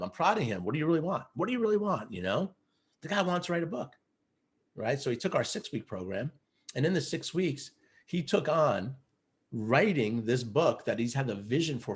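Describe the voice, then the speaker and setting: A man coaching other men, telling stories in a casual interview, earnest and animated, with many fillers like "you know" and "like". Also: medium pitch. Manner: earnest, animated storyteller who acts out quotes. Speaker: guest, men's coach.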